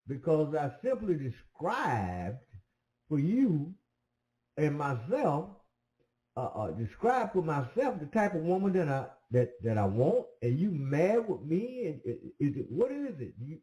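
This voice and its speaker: A man's voice: fairly high pitch, very animated, a little slow, dark tone. A man telling a personal story in a casual, rambling way, with many hesitant fillers. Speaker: commentator. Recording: roomy echo.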